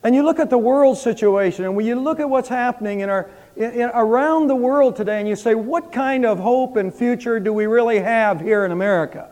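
A man with a high voice preaches an Easter sermon from the pulpit. He builds his lines to fervent emphasis as pastor. The sound rings with the long reverb of a church sanctuary. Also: fairly quick, hardly any pauses, a little mellow.

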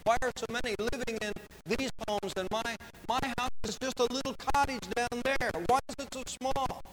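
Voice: medium pitch, steady tone, normal speed, over music, lightly acted, low-quality recording. A preacher acting out an upset man in heaven. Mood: indignant. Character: disappointed man in heaven, complaining.

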